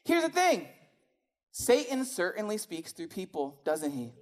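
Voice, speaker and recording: A woman's voice: medium pitch, very animated, a little slow, darkish tone. A woman preaching a sermon in a conversational, emphatic way, often asking rhetorical questions.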